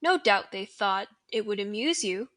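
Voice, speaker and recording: A young woman voicing a kindly old headmaster who speaks in a calm, genteel, gently teasing way. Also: medium pitch, measured pace. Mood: amused.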